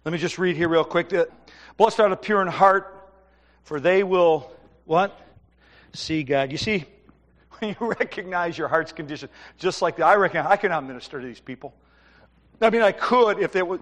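Male pastor, high voice, fervent sermon delivery, long hall reverb. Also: moderate pace. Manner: fervent, rising to loud preaching.

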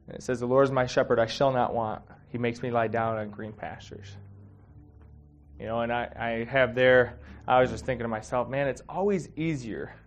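A man's voice: medium pitch, flat delivery, normal speed. Conversational man preaching a sermon. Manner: conversational, emotional, many fillers. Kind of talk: casual sermon.

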